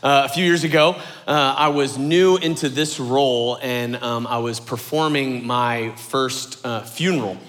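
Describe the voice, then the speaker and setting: A young adult man, a lead pastor, preaching a sermon as an animated storyteller who acts out quotes in a high voice. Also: a little slow, hardly any pauses. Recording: long hall reverb.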